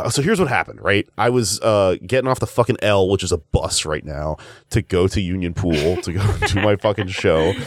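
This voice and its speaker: A man's voice: sits low, normal speed, no echo. A male comedian hosting a podcast, telling a rambling, profanity-laced story in casual chat.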